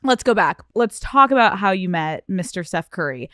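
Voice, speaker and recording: A young woman hosts a casual podcast interview at a middle pitch. She is playful and teasing, swears freely and acts out quotes. Her voice sounds close and dry. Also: animated, moderate pace, sharp tone, clear, resonant tone, dry recording. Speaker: podcast host.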